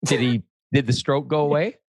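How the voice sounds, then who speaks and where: A man hosting a talk show, telling lively car-sales anecdotes in a casual chat. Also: medium pitch, brisk, no room sound. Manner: animated anecdotes, acts out quoted customers. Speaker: podcast host.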